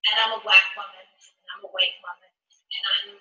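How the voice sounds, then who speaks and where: A woman's voice: medium pitch, flat delivery, normal speed, pushed and bright, lo-fi sound. A woman from New York telling a personal story in a speech, earnest and heartfelt. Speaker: speaker sharing a personal story. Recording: echoey room, voice from a distance.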